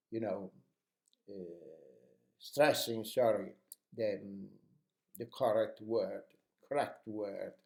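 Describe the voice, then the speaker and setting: A man's voice: medium pitch, darkish tone, reverberant. A man teaching how to speak English with energy, giving encouraging advice in an instructional lesson. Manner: encouraging, coaching tone.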